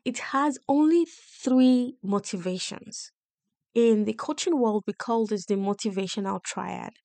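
A woman's voice: medium pitch, a little slow, gravelly, mellow, no echo. Woman podcast coach explaining stuff, keeps checking in, dry close sound. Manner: explanatory, often checks in with "right?" and "okay?". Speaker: podcast host and wealth coach. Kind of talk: teaching monologue.

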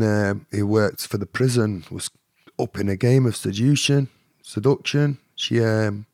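A man's voice: medium pitch, a little mellow, no echo, clean studio sound. A man with a Mancunian accent, a podcast guest telling a rambling story full of fillers and "you know what I mean". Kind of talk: storytelling in an interview.

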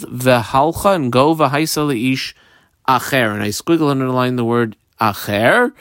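A man's voice: medium pitch, a bit bright, no room sound, clean studio sound. A man teaching a Talmud class. He reads the text aloud and translates it line by line, frequent "uh" fillers.

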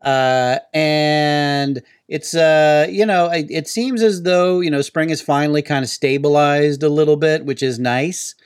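A man's voice: on the high side, steady tone, a little slow, few pauses, clean tone, dry recording, studio quality. A man hosting a podcast in casual chat, rambling with hesitant fillers. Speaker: podcast host.

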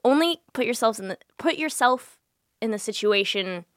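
A young woman guest on an advice podcast talks emphatically, her high voice leaping up and down in pitch. She sounds animated and sure of herself. The close studio mic keeps it dry and upfront. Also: normal speed, dry recording. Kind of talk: casual advice chat.

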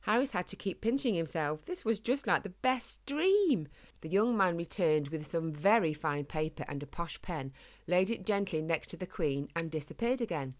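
A woman reading a children's storybook aloud in a gentle, measured way. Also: deep voice, expressive.

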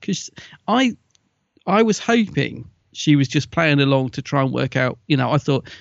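A man with a gravelly, creaky voice, animated and quick to laugh as he chats on a podcast. The sound is dull and lo-fi, and dry with no room echo. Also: mid-range voice. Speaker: podcast co-host. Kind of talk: casual review chat.

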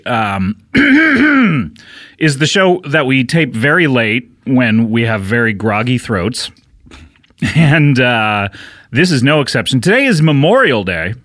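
A man's voice: a little high, big pitch swings, slow, fairly bright tone, dry recording, clean studio sound. A man hosting a casual comedy podcast, playful and teasing, laughing often. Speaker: podcast host.

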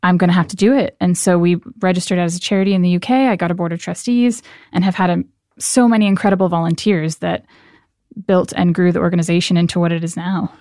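A woman's voice: fairly low pitch, steady tone, fast talker, warm tone, no echo, clean studio sound. A young woman being interviewed as a charity founder, explaining things earnestly and upbeat. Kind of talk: interview conversation.

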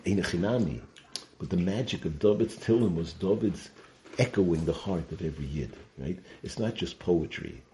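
A man's voice: low-pitched, expressive, normal speed, mellow, a little hiss or hum. A man giving a Torah talk, telling stories and sprinkling in Yiddish and Hebrew terms. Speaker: Torah teacher.

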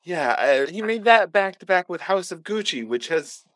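A man's voice: high voice, animated, moderate pace, fairly bright tone, no echo. A man co-hosting a casual podcast, laid-back and jokey, who swears casually. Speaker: podcast co-host. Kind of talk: casual chat.

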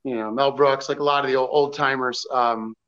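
A man's voice: medium pitch, fairly even intonation, a bit bright, muffled recording. A man who used to work as a paparazzi photographer, telling stories in a casual podcast chat and stumbling through lots of fillers and restarts. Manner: halting, many fillers and restarts. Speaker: former paparazzi photographer guest.

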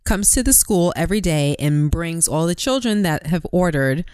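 A woman's voice: lowish voice, expressive, a little mellow, smooth, no room sound, studio quality. A woman in her thirties co-hosting a podcast, teasing and scolding her husband in casual chat. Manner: teasing, scolding, quick to protest. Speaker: podcast co-host.

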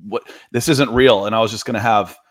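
A man's voice: lowish voice, a little fast, dry recording, clean studio sound. Rambling male sports commentator. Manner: rambling, restarts, animated opinions. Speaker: sports talk co-host and writer. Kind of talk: casual sports chat.

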